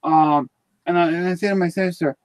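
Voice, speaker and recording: A man's voice: high-pitched, fairly even intonation, brisk, no echo. A man hosting a live stream in casual chat, blunt and rambling, swearing freely.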